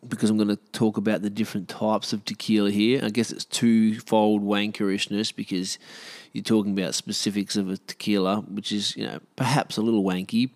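A man's voice: fairly low pitch, flat delivery, fairly quick, a little mellow. A man with an Australian accent, talking casually in a rambling, self-deprecating way with many fillers and restarts. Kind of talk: casual monologue.

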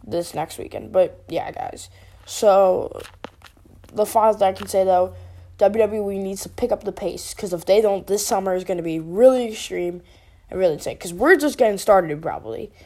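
A woman's voice: mid-range voice, mellow. A woman giving a rambling, casual opinion rant as a wrestling vlogger, full of fillers and restarts.

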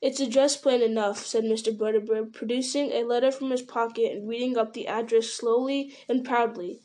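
A woman narrating an audiobook in a calm, steady storytelling manner. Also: fairly high pitch, brisk. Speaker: reader.

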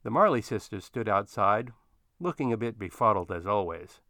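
In a clean studio recording without any room sound, a man with a voice on the low side tells a story expressively, keeping a moderate pace.

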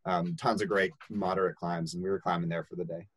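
A young man casually telling a story, lively and laughing, acting out quoted voices. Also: low-pitched, brisk, background noise.

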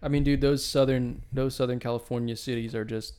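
A young man co-hosting a podcast in casual chat, loose and animated, throwing "dude" into most sentences. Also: medium pitch, fairly quick, clear, resonant tone. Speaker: podcast co-host.

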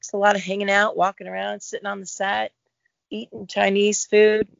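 A middle-aged woman, a guest actor, talking in a relaxed, reflective interview about her career. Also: medium pitch, normal speed, vocal fry, no echo, highs cut off. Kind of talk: casual interview chat.

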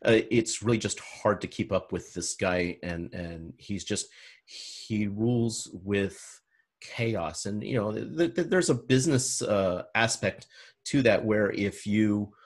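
Impassioned husky man on a podcast. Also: fairly low pitch, slow. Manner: impassioned, swearing, rising to heated emphasis. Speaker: podcast guest. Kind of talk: political discussion.

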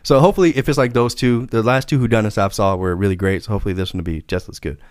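Male podcast host, easygoing and rambling, lowish voice, dead-dry close sound. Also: racing, clear, resonant tone, no room sound. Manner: laid-back, rambling, laughs a lot. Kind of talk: casual podcast chat.

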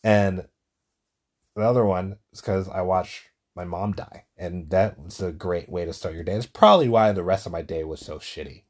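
Guy talking to himself on his own show, low husky voice, swears a lot, goes all over the place. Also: moderate pace. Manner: rambling, profane storytelling; gets loud and high-pitched when excited. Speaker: podcast host. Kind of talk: casual solo monologue.

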